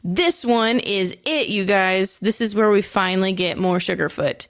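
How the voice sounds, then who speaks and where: A woman's voice: mid-range voice, unhurried, no room sound, clean studio sound. A woman co-hosting a podcast, recapping a TV episode in a chatty, profane and self-mocking way. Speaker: podcast co-host.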